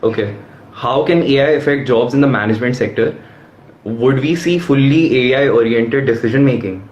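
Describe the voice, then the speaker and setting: A man's voice: mid-range voice, moderate pace, darkish tone. A man hosting a live session, politely reading out audience questions to his guest. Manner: polite, addresses guest as sir. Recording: roomy lo-fi live stream with faint noise.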